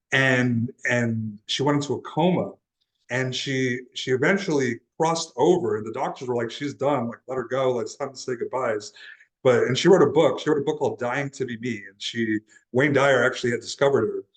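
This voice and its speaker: A man's voice: medium pitch, rough recording. A young man from Texas, a guest in an interview, telling a personal story in an earnest, casual way with frequent restarts. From Laredo, Texas, USA. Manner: earnest, often restarts and repeats words. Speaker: interview guest, transformational guide.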